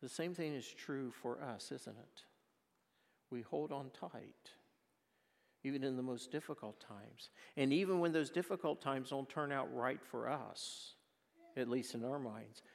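A male pastor preaching a sermon, telling stories with passion and then praying quietly. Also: mid-range voice, vocal fry, in a large hall. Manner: impassioned storytelling, closing in quiet prayer. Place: church.

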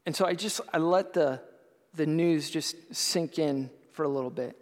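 A male pastor telling a personal testimony in a sermon, earnest and storytelling, rising at times to loud impassioned outbursts. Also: fairly high pitch, normal speed. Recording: long hall reverb.

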